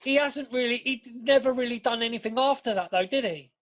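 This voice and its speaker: High-voiced man, sweary banter. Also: brisk, a bit bright. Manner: swears a lot, stammering restarts. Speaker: podcast co-host. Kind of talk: casual chat. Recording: dull lo-fi podcast audio.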